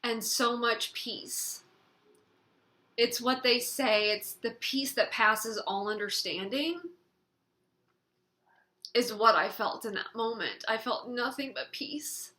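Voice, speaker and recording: A woman's voice: a little high, slow, long pauses, bright, forceful tone. A young woman vlogger telling a personal story to camera, acting out her family's lines along the way. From California. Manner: acts out quoted family members while retelling. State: tearful at times.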